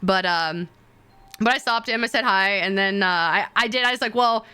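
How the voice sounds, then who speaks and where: Bright-voiced, excitable young woman streamer. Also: normal speed, clear, resonant tone. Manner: rambling and excitable, full of fillers, jumps into high squeals. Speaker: VTuber streamer. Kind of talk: casual stream chat with viewers.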